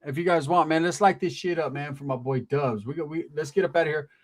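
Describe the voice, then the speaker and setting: A man's voice: a little high, quick pace. A man hosting a live stream in casual chat, laid-back, greeting chat and hyping viewers. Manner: laid-back, reads chat names aloud, hypes viewers.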